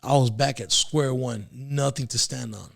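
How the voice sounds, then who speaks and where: A man with a gravelly, creaky voice sits as a podcast guest and tells his own story in a laid-back way. He swears freely, chuckles now and then and often restarts his sentences. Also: mid-range voice, fairly even intonation, moderate pace. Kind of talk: casual storytelling about his life.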